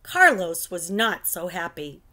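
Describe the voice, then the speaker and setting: A woman reading a children's storybook aloud, with slow, expressive storytelling. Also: fairly low pitch. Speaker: storybook reader. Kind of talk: children's read-aloud narration.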